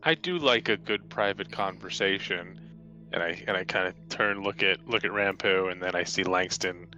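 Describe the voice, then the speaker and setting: Man, player, low and bright voice, playful, faint music. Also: moderate pace, highs cut off. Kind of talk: tabletop role-play.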